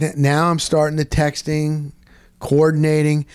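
A middle-aged man, telling a rambling story in casual chat, dropping "boom" into his sentences. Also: normal speed, no echo. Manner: animated, punctuates with "boom". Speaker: sports radio co-host.

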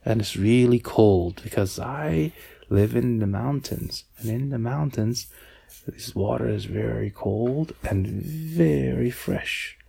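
A man voicing a small, curious young male shrimp in a bedtime story, gravelly and full of questions. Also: mid-range voice, slow pace, dark tone, full character voice. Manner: wondering, asks lots of questions.

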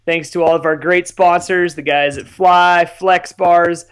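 Male guest, casual podcast chat, relaxed with lots of fillers, higher voice. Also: unhurried, clear, resonant tone. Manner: laid-back, easygoing, filler-heavy.

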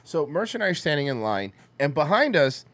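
男人讲故事，语调起伏很大. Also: male voice, on the high side, a little fast, no room sound. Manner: crude, animated storytelling with acted-out quotes. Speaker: podcast co-host. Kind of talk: casual storytelling chat.

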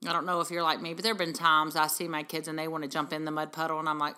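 Bright-voiced earnest mom speaker. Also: female voice, low voice, flat delivery, very fast, hardly any pauses, clean tone. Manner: earnest and encouraging, with many rhetorical questions. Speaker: podcast host and parenting speaker. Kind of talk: heartfelt motivational talk to mothers.

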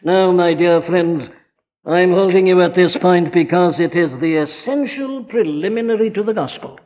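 A man's voice: high-pitched, normal speed, narrow, tinny audio. A man preaching a sermon in a chapel, pressing his listeners with urgent rhetorical questions. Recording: thin archive sermon recording with long chapel reverb.

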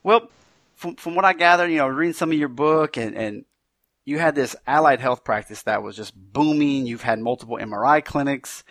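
Man, podcast host, faint cajun american accent, mid-pitched voice, upbeat and chatty, dry close sound. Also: normal speed, a bit bright, no room sound. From Louisiana, United States. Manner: upbeat, chatty, laughs easily. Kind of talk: podcast interview.

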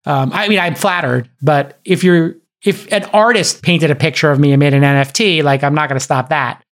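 A man's voice: a little high, brisk, a bit bright. A man hosting a podcast, telling an emphatic story in casual chat and acting out the quoted dialogue. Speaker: podcast host.

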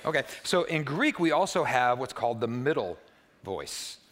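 A man preaching from the pulpit with a mid-range voice, neither high nor low. He is playful and lively, jumping to loud, excited bursts to stir the congregation. Then he drops to hushed, quiet stretches when the message turns reflective. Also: moderate pace, a little hiss or hum. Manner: playful and animated, swinging between loud bursts and hushed, soft passages. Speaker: pastor. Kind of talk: sermon. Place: church.

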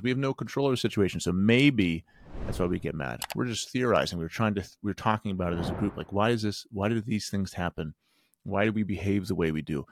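A man's voice: sits low, no echo, studio quality. A middle-aged man hosting a podcast, talking earnestly in a rambling way with many restarts. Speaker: podcast host and men's group coach. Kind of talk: casual solo podcast talk.

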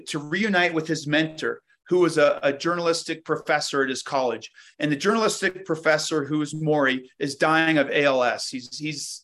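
A man's voice: fairly high pitch, a bit bright. A man being interviewed as a guest, talking reflectively and telling stories with frequent restarts. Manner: reflective storyteller, many restarts. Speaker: guest, inventor. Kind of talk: casual interview conversation.

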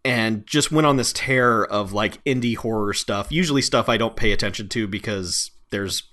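A man co-hosting a casual movie podcast, relaxed and laughing often, with some swearing. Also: fairly low pitch, normal speed. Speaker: podcast co-host.

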